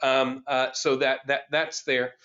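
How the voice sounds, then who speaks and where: Halting, thoughtful male poetry teacher. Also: mid-range voice, little pitch movement, sharp tone, muffled recording. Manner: thoughtful, halting, many fillers and restarts. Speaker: course instructor. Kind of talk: online class lecture.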